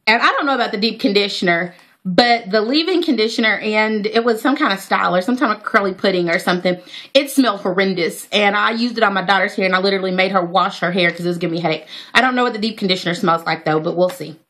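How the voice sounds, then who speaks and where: A woman chatting excitedly to her viewers as she unboxes hair products in a casual vlog. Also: medium pitch, fast. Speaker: natural hair vlogger.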